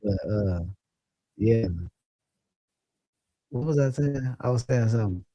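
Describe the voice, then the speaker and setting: A man's voice: medium pitch, slow pace, dark tone, no room sound, lo-fi sound. A man hosting a casual livestream, chatting loosely and profanely and laughing as he reads viewer comments. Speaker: livestream host. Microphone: phone or computer mic.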